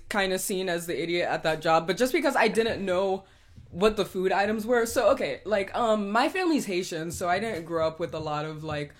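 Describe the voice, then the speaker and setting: A young woman in a casual chat, telling work stories in a rambling way, full of fillers and giggles. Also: mid-range voice.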